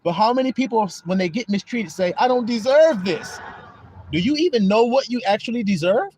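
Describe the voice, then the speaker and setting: A man's voice: high-pitched, animated, fast talker, a little mellow, slight background noise. A man preaching on a livestream in a streetwise, profane style, mocking his listeners, laughing and firing rhetorical questions. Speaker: online preacher and livestream host.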